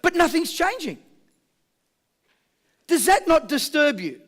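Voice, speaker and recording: Speaking slowly in an extremely high voice, this man runs a live motivational seminar. He trades energetic call-and-response with his audience and spins jokey stories.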